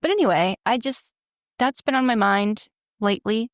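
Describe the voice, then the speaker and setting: A woman's voice: on the high side, moderate pace, no room sound, clean studio sound. A woman co-hosting a podcast, telling a story in a casual chat and acting out what people said. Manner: animated storyteller, acts out quotes. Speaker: podcast co-host.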